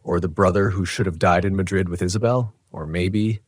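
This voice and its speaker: A man voicing a patient, knowing male doppelganger in a horror story, speaking softly and gently. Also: sits low, steady tone, dry recording. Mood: calm. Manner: soft, gentle, unhurried.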